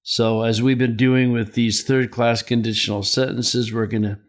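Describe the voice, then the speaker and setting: A man's voice: medium pitch, flat delivery, moderate pace. A man teaching a verse-by-verse Greek grammar lesson, methodical and asking rhetorical questions as he explains.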